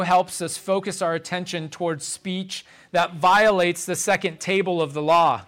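A man with a high voice preaches to his congregation at an unhurried pace. He speaks deliberately, slowing further to lean on key phrases as he walks through scripture. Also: fairly bright tone. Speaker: pastor. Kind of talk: sermon.

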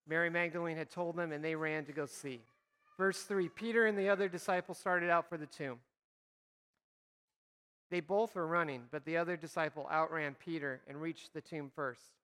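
A man's voice: on the high side, steady tone, normal speed, fairly bright tone, clear, resonant tone. Conversational male pastor in a reverberant hall. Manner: conversational preaching, acts out imagined dialogue. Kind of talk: sermon.

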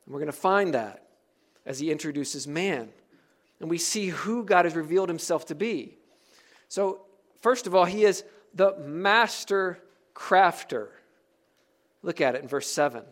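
A man preaching a sermon to a congregation, asking them questions and slowing down or getting louder for emphasis. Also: fairly high pitch, animated. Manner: varies pace and loudness for emphasis. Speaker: pastor.

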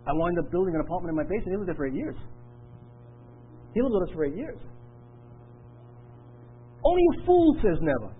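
A man's voice: high-pitched, big pitch swings, a little fast, long pauses, narrow, tinny audio, slight background noise. A middle-aged man preaching a sermon with earnest, repetitive emphasis. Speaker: pastor.

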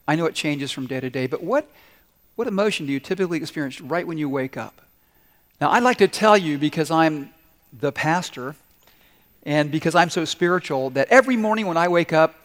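A man's voice: a little high, big-room sound. A male pastor preaching a sermon, telling stories with acted-out quotes and putting questions to the congregation.

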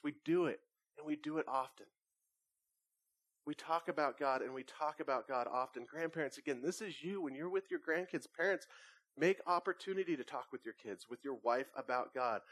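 A man, a pastor with young children, preaching a conversational sermon and telling lively family stories. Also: fairly high pitch, dry recording. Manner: conversational preaching with animated anecdotes.

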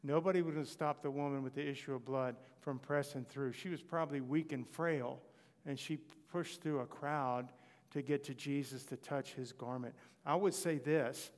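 A man's voice: mid-range voice, normal speed. Preaching man in a reverberant hall. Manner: animated storytelling, voicing quoted scripture figures. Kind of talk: sermon.

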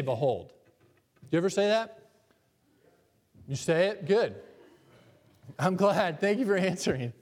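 A male pastor preaching a sermon to his congregation, emphatic and varying between loud and hushed, asking the people questions. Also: a little high, big-room sound.

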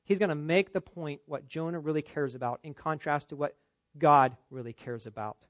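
A male pastor delivers an emphatic expository sermon, his fairly high voice pushing up on key points and sinking low for quiet asides. The sound is dry and close. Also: moderate pace, no room sound. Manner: emphatic, rising for stress, dropping low for asides.

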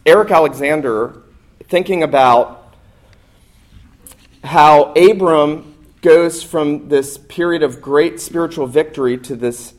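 Earnest male pastor preaching a sermon. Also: medium pitch. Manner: earnest, emphatic preaching with rhetorical questions.

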